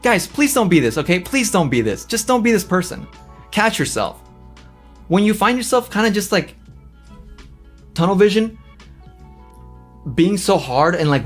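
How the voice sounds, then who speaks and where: Sassy animated male streamer. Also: fairly high pitch. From Los Angeles. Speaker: channel host. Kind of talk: livestream commentary.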